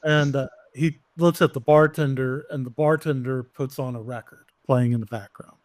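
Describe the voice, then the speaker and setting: Halting man running a tabletop game. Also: medium pitch, steady tone, darkish tone, no echo, clean studio sound. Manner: hesitant, many fillers and restarts. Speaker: game master.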